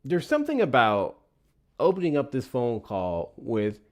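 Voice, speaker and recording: A man hosting a live show, giving casual political commentary in an animated, profane rant. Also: medium pitch, a little slow. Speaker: livestream host.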